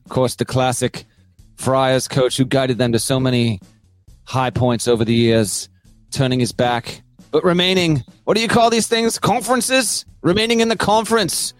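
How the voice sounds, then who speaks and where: A man's voice: medium pitch, steady tone, normal speed, soft background music. A man co-hosting a sports podcast in a put-on Australian accent, joking as he rattles off game listings. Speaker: podcast co-host. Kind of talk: casual sports podcast chat.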